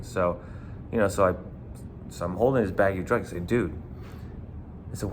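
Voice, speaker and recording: A man's voice: sits low, fairly quick, long pauses, a little hiss or hum. Profane New York ex-bouncer man. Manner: profane, rambling, animated. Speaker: former nightclub bouncer. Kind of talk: casual storytelling.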